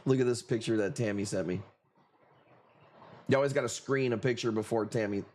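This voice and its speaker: A man's voice: lowish voice, fairly quick, darkish tone. Joking, foul-mouthed male stream host. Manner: profane, joking, rambling banter with viewers. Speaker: livestream coral auction host. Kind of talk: casual live sales chat.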